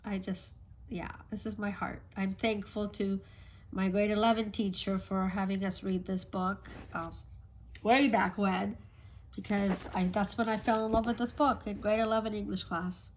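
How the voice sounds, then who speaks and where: A woman, a book vlogger, gushing softly about a favorite novel while talking into a phone camera outdoors on a street. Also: medium pitch, steady tone, moderate pace. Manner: gushing, soft-spoken, restarts often. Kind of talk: casual vlog chat. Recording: faint street traffic noise.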